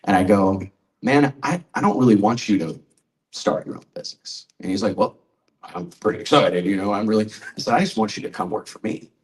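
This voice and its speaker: A man's voice: on the low side, brisk, recorded from a distance, low-quality recording. A man in his forties, a magazine publisher, presenting honorees at a press conference and telling a story in a conversational way. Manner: storytelling, conversational, quotes people. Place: event hall at a trade show.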